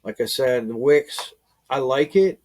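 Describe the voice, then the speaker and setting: A man's voice: mid-range voice, animated, unhurried, a little mellow, a little hiss or hum. A man in a casual online team meeting who rambles through his thoughts with plenty of fillers. He chuckles often, and his voice comes through a voice-chat microphone.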